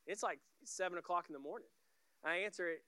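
A man's voice: sits high, quick pace, bright, forceful tone, smooth, no room sound. A man giving a sermon as a guest pastor, telling stories conversationally in short clipped phrases.

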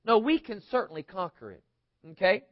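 High-voiced man preaching emphatically. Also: sing-song, fairly quick, dry recording, muffled recording. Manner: emphatic, conversational preaching with rhetorical questions. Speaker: pastor. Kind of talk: sermon.

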